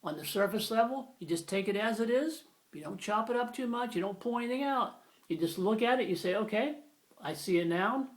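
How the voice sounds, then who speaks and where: A man's voice: high-pitched, expressive, brisk. A man giving a grammar video lesson, patient and emphatic, repeating his key phrases. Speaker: grammar teacher.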